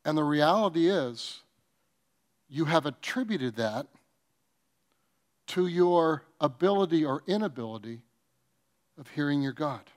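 A man preaching a sermon, telling comic stories with acted-out quotes and swinging between loud bursts and soft, earnest passages. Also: a little high, lively intonation, measured pace, long pauses. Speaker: pastor.

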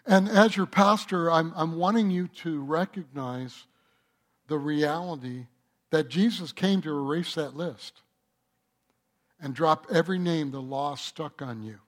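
A man's voice: on the high side, a little slow. A man preaching a sermon as pastor, talking conversationally and working a joke into his message.

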